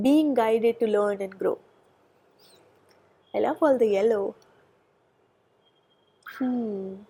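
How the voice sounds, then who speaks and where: A woman doing a pick-a-pile tarot reading, chatty and thinking aloud, with soft murmured asides and a nasal voice from a cold. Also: on the high side, husky. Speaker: tarot reader. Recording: background noise.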